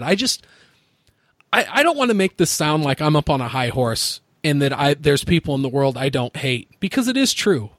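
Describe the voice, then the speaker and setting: Man, podcast host, frank and sweary, slightly high voice, dry sound. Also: sing-song, moderate pace, fairly bright tone, dry recording. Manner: frank, swears freely, storytelling. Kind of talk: casual chat.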